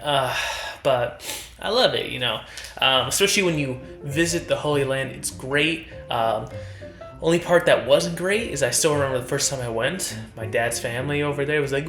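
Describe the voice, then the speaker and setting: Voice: mid-range voice, normal speed, fairly bright tone, reverberant, faint music behind. A stand-up comedian doing a comedy rant, acting out his relatives in raised voices. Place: college event stage.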